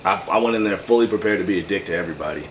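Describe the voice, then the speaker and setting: A man with a deep, slightly bright voice and a faint hiss or hum casually tells a long, profane story about his music. He moves fast, with lots of fillers and asides, and the distant mic picks up faint room ambience.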